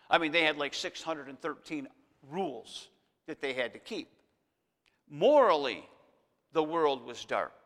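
A man preaching a sermon as pastor, emphatic, slowing down to stress scripture verses. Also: a little high, fairly bright tone. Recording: long hall reverb.

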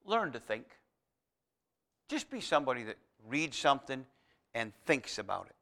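A man preaching a conversational sermon in a folksy, emphatic way, with restarts and asides that build to loud exhortation. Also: mid-range voice, sing-song, normal speed.

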